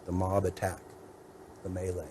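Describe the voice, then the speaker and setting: A man as defense attorney giving a measured, methodical courtroom mitigation argument, laying out point after point. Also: sits low, completely flat delivery, noisy background.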